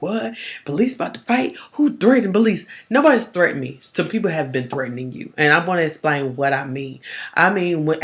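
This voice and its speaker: A woman's voice: deep voice, creaky. Emphatic woman life coach on a live stream. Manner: emphatic, stern, big-sister tone; casual slang, animated delivery. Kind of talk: live-stream motivational talk.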